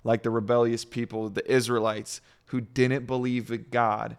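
A man's voice: medium pitch, flat delivery, normal speed. A man hosting a casual faith talk, rambling and earnest with lots of fillers.

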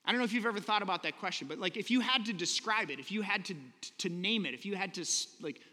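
A man's voice: high voice, expressive, fast, bright, forceful tone, big-room sound. A man preaching a sermon in a conversational, earnest way, often asking the listeners rhetorical questions. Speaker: pastor.

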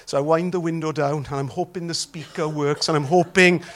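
A middle-aged man with a Welsh accent, a pastor preaching a sermon with humorous stories that swing from loud exclaiming to soft prayer. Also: on the high side, steady tone, a little fast.

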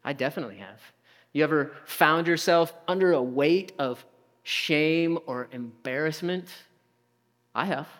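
A man preaching a sermon as a pastor, telling a story with lively acted-out voices and conversational asides. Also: a little high, measured pace. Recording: long reverb of a large hall.

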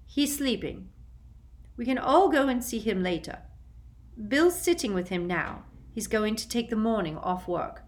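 An earnest, gushing middle-aged mother witch in a storybook reading, as a woman puts her on. She pours out her words warmly, pitched well up and pushed a little louder than the narration. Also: very animated, a little slow. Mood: relieved.

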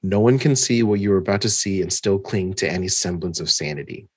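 Guy doing an arrogant masked tyrant, low and husky, solemn and grand. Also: quick pace, a little mellow, dry recording. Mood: menacing. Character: arrogant masked tyrant ruling many worlds, male.

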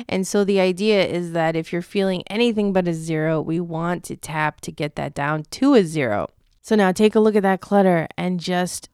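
A woman co-hosting a podcast, guiding listeners through a tapping session in a casual, expressive way and laughing often. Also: fairly low pitch, clean tone, dry recording, clean studio sound. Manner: expressive, laughs often, acts out anxious self-talk. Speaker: podcast co-host and tapping practitioner. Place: studio.

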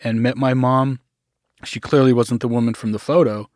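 A middle-aged man in an interview, telling his own story in a halting way, often restarting, sometimes acting out the voices he quotes. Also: mid-range voice, fairly even intonation, a little mellow, dry recording, studio quality. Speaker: guest.

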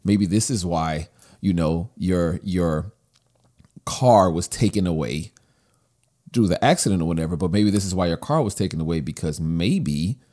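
A man's voice: deep voice, normal speed. A young man co-hosting a podcast in casual chat, telling stories with animation and acting out what others said. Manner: animated storyteller, acts out quoted lines. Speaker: podcast co-host.

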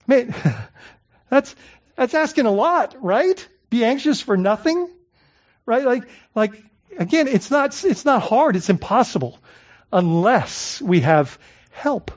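A male pastor preaching a sermon in a conversational way, asking the congregation rhetorical questions and often repeating words as he searches for phrasing. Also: extremely high pitch. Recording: dull lo-fi recording.

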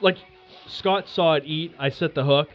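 A podcast host spinning a casual story, animated and swearing freely with lots of fillers. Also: male voice, fairly high pitch, unhurried, muffled recording, faint music behind.

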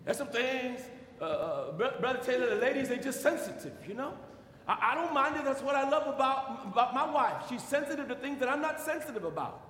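A man's voice: extremely high pitch, expressive, brisk, a bit bright, slight background noise. A man preaching a sermon to his congregation, stammering into restarts and calling out to the room. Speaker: pastor. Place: church sanctuary. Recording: echoey church hall.

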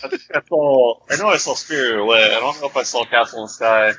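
A man's voice: mid-range voice, fast, bright, forceful tone. A tired man co-hosting a podcast, talking hesitantly in casual chat. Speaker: podcast co-host. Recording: dull lo-fi call audio with faint noise.

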